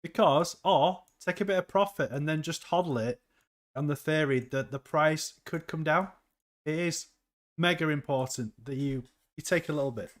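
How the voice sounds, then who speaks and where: A slightly high-voiced man hosting a relaxed crypto livestream. He talks in an upbeat, rambling way, reacting to the market and reading out chat messages as he goes. His delivery is loose and conversational. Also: moderate pace. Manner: upbeat, chatty, reads chat aloud.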